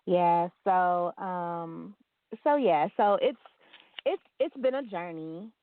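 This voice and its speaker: A woman's voice: fairly low pitch, slow pace. Chatty woman telling a story, phone-like sound. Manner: storytelling, acting out quotes with laughs. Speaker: guest. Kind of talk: casual conversation. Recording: tinny phone-like line.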